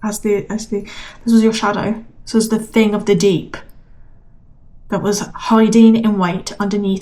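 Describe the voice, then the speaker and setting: A woman delivers a collective tarot reading straight to her listeners. Her voice sits at an ordinary middle pitch, and she talks in an encouraging, emphatic way. She often repeats a phrase to drive it home. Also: darkish tone. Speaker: tarot reader.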